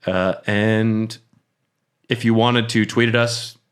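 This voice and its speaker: A man's voice: lowish voice, fairly even intonation, slow, clean tone. A man hosting a podcast, winging the closing reads in casual, laughing chat. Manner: laughing, wings the outro reads. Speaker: podcast host. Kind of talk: casual chat and show outro.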